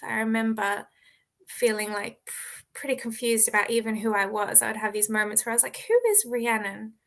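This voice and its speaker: Bubbly Australian woman, bright voice. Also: on the high side. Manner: bubbly, laughs often. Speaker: guest author. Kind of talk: casual interview chat.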